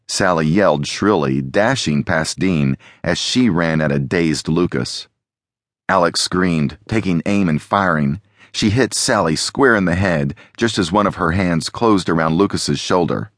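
A man reading a novel aloud as an audiobook narrator, in a steady, even storytelling manner. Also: sits low, unhurried, no room sound, clean studio sound.

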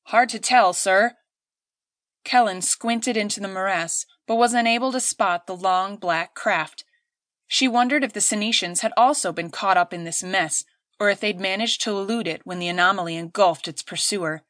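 A woman reading an audiobook aloud in steady, clear scripted narration. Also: mid-range voice, moderate pace, no echo, studio quality.

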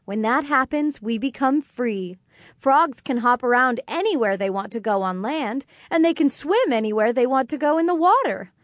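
Woman voicing a gentle tadpole girl. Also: high voice, expressive, moderate pace, no room sound, pitched above the performer's own voice. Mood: explaining. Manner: soft, tender, comforting. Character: gentle young tadpole girl, kind and wise. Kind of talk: audiobook character voice.

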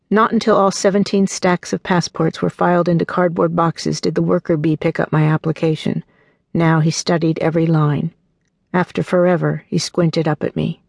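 Gravelly-edged woman reading her memoir. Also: low voice, fairly even intonation, normal speed, no echo. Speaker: author narrating her memoir. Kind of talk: audiobook memoir narration.

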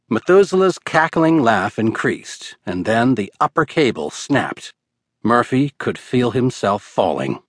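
In a medium-pitched, slightly rough voice, a man narrates a scripted audiobook in a steady, measured way. There's no echo, and the recording is studio quality.

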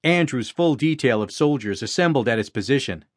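Guy reading an audiobook, steady and even, mid pitch, dry close sound. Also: a little fast, dry recording. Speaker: audiobook narrator. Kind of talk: scripted narration.

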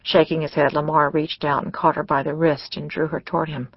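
An audiobook narrator reading a mystery novel in a measured, scripted way. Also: mid-range voice, little pitch movement, no room sound, muffled recording.

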